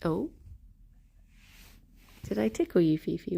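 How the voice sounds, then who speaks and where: A woman streams a cosy morning chat, reading messages aloud and softly cooing to her rabbits. Her mid-pitched voice has a noticeable gravelly fry running through it, and her talk stays loose and conversational. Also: huge pitch swings, a little slow, pauses often. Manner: chatty, reads and answers chat, coos to her rabbits. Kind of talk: casual livestream chat.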